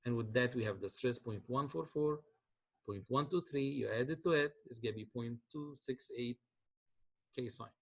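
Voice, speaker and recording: This university engineering lecture comes from a man with a medium-pitched, slightly rough voice and a moderate pace. He explains each calculation in steps, frequently making sure his students are following.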